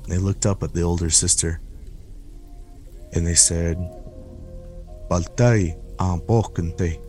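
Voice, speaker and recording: A man with a very low voice tells a scary story on a podcast. He builds suspense slowly and repeats words for effect. Music plays clearly beneath his voice. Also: level tone, darkish tone. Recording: music playing under the voice.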